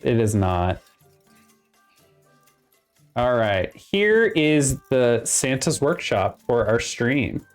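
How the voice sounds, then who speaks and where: A game master narrating a tabletop game, halting often with fillers and restarts. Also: mid-range voice, big pitch swings, soft background music.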